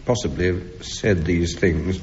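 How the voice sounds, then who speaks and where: Male panel-show host, brisk dry delivery, muffled old radio sound with faint hiss. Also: deep voice, darkish tone. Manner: brisk, dry scoring remarks. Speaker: quizmaster. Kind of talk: hosting a radio panel game. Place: theatre stage before an audience. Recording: old lo-fi radio broadcast with hall reverb.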